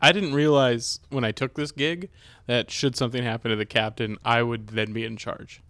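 A man playing a deadpan bossy chef-captain. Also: mid-range voice, moderate pace, no echo, clean studio sound, close to an everyday voice. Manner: curt orders, deadpan and oblivious. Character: blunt, bossy male chef made ship captain. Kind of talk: improv comedy scene.

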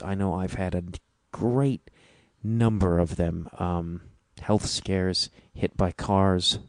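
A man with a Midwestern Chicago accent speaks low and deep into a podcast mic. The room sounds completely dry. He talks slowly and thoughtfully, often stopping to restart a sentence. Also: a little mellow, no room sound. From Midwestern United States. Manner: halting and reflective, with frequent restarts. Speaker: podcast host. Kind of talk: casual solo podcast intro.

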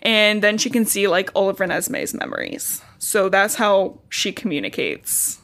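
A woman's voice: mid-range voice, expressive, moderate pace, a bit bright. A young woman hosting a podcast, casually recapping a novel in a chatty way with lots of filler words. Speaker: podcast host.

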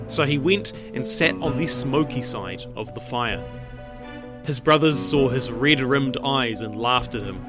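A man narrating a dramatic legend in a measured, deliberate way, his voice sitting in a middle pitch. Faint music plays underneath the storytelling.

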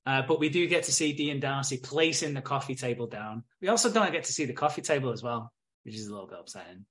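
A British man in casual podcast chat, retelling soap scenes with wry humour and quick bits of acted-out dialogue. His voice sits at an ordinary middle pitch. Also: animated, fairly bright tone. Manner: wry storyteller, acts out characters' lines. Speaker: podcast co-host.

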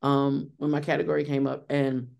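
Gravelly-voiced middle-aged woman, chatty. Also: a bass voice, level tone, normal speed, darkish tone. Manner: chatty, many restarts and fillers. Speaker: guest, Broadway actress. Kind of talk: interview conversation.

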